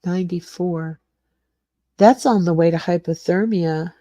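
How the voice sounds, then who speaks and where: A woman's voice: lowish voice, measured pace, mellow, no room sound, clean studio sound. An older woman hosting a casual livestream from her small garage suite, greeting viewers by name and rambling through the chat. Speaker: livestream host.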